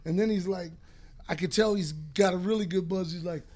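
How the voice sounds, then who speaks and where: A man in his fifties hosting a podcast, telling a long profane story in a rambling, animated way. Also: high voice, brisk. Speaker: podcast host. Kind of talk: casual storytelling.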